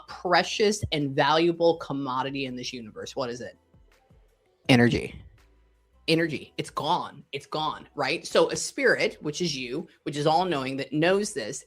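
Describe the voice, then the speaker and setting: Speaking in a low register, a middle-aged woman who works as a psychic medium shares animated stories in a relaxed interview. She laughs readily, moves from excited outbursts to quiet asides, and curses when she is fired up.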